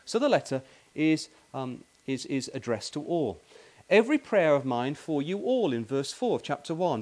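A man's voice: on the high side, big pitch swings, moderate pace, darkish tone. A man preaching a sermon in a tent meeting, emphatic and repetitive, often addressing his listeners as brothers and sisters.

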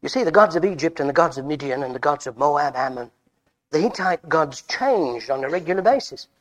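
A man preaching a folksy sermon, telling the story with animated, stammering restarts. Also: a little high, a little fast.

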